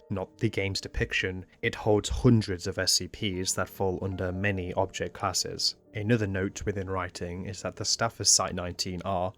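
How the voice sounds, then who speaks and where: Deep-voiced man narrating a video essay. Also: fairly bright tone. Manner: measured, explanatory delivery. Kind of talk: scripted game commentary narration.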